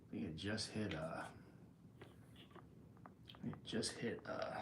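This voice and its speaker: A man's voice: lowish voice, measured pace, pauses often, reverberant, noisy background. A man hosting a casual livestream, greeting viewers by name while out of breath and rambling through restarts. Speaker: livestream host.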